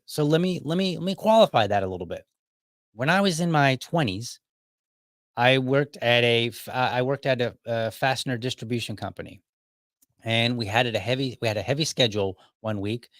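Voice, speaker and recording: A man's voice: medium pitch, expressive, fairly quick, fairly bright tone, no echo, clean studio sound. A man hosting a podcast, telling a personal story in a casual, argumentative and wry way. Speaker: podcast host.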